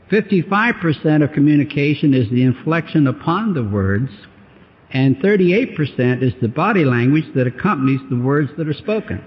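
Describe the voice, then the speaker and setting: A man preaching a sermon, emphatic and fond of repeating his phrases for effect. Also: medium pitch. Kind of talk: sermon on marriage communication. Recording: dull sound with long hall reverb.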